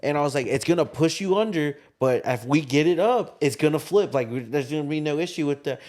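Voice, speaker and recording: A man's voice: fairly high pitch, fairly quick. A young man co-hosting a casual talk show, telling a story with lots of swearing and acted-out quotes, recorded in a parked car. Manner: animated storyteller, acts out quotes, swears freely. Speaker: podcast co-host.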